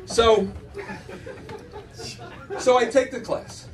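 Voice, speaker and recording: A man's voice: extremely high pitch, steady tone, drawn-out words, recorded from a distance, some chatter behind. A middle-aged man doing a stand-up routine, telling brash, profane stories with self-mocking asides. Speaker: stand-up comedian. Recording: faint room noise, mic from afar.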